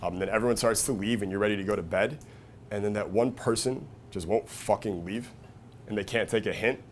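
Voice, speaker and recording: A profane, energetic man speaks briskly to a room as a seminar speaker giving a live talk, with slight background noise. He keeps checking in with "right?" and "okay?", and acts out quoted voices through big jumps in pitch and volume.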